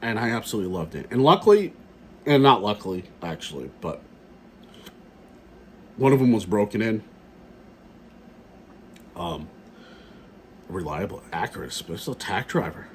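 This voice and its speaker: Blunt middle-aged male vlogger, low voice, profane and repetitive, faint background hiss. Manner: blunt, profane, repeats himself. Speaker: gun vlogger. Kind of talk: casual ranting vlog.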